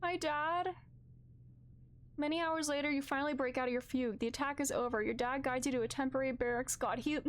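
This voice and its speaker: A woman with a high voice streams a story game, reading its text aloud in an even, narrating tone. She often breaks off to react, crying out in open distress at what happens on screen. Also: slight background noise. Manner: expressive, shifts from calm reading to loud distressed outbursts.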